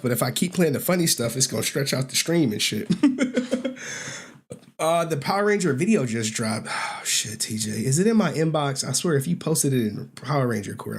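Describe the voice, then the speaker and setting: A man's voice: mid-range voice, husky. A young man hosting a livestream, rambling casually with slang and swearing and laughing often. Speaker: livestream host.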